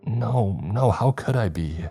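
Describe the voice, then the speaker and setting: A man's voice: sits low, expressive, normal speed, dark tone, soft background music. A man voicing a meek, prim young woman patient who speaks formally and whimpers. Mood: distraught.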